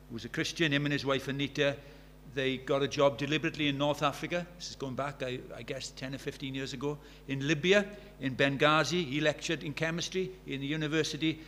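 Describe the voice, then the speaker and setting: A man's voice: medium pitch, fairly bright tone. A man in his sixties preaches a sermon with a middle-range voice. He tells stories in an earnest way and builds to fervent emphasis. A faint hum runs under the recording. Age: 60s. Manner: earnest, rising to fervent emphasis, storytelling asides.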